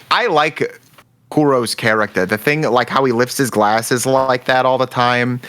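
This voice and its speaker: A man's voice: mid-range voice, unhurried, fairly bright tone. A man co-hosting a podcast, chatting casually and explaining in an easygoing way. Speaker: podcast co-host. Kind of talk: casual chat.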